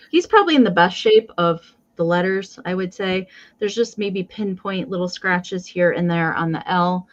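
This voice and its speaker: A woman's voice: lowish voice, normal speed, muffled recording. Chatty woman hosting a live sale. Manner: chatty, counts down bids aloud. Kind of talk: live auction selling.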